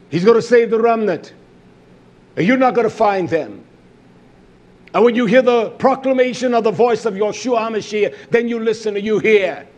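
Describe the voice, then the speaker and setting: Husky high-voiced preacher man. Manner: emphatic, shifting between loud exhortation and low intensity. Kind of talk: sermon.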